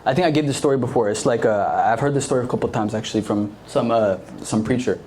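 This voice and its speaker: A man's voice: medium pitch, quick pace, darkish tone, slight background noise. A young man giving a casual, conversational sermon to a youth group, full of fillers and acted-out quotes. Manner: conversational, filler-heavy, acts out quoted voices. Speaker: youth preacher.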